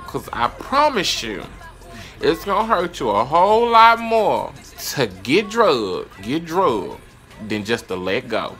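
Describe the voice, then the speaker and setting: A man's voice: a little high, big pitch swings, slow, a bit bright, soft background music. A young man with a Southern US accent, giving a brash, profane, sassy advice rant as a vlogger. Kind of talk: casual advice rant to camera.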